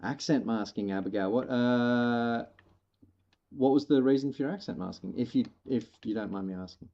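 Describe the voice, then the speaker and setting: A man's voice: medium pitch, moderate pace, highs cut off. A man from Australia with a partly Americanized Australian accent, chatting casually and musing while he streams a game, swearing now and then. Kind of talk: casual live-stream chat while playing.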